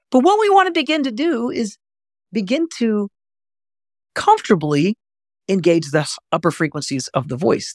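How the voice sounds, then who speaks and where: Animated man coaching voice, lively pitch. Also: gravelly, no room sound, clean studio sound. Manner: animated, often jumps high to demonstrate. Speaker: voice coach and podcast host. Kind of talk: podcast voice lesson.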